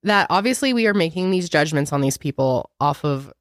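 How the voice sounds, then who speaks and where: Low-voiced woman chatting casually. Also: no echo, studio quality. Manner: animated, swearing, quick retellings with acted quotes. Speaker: podcast co-host. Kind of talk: casual chat.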